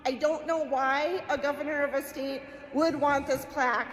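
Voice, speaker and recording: A state representative with a Minnesota accent films a hesitant report on her phone inside a hall, her high voice moving at normal speed with fairly even intonation. She speaks plainly, filling pauses with many ums. The phone recording echoes through the hall, with slight background noise.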